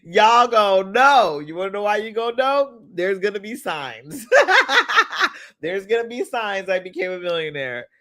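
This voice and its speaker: A woman's voice: medium pitch, lively intonation, brisk. A woman hosting a motivational livestream, leading call-and-response affirmations and drawing out each repeated line.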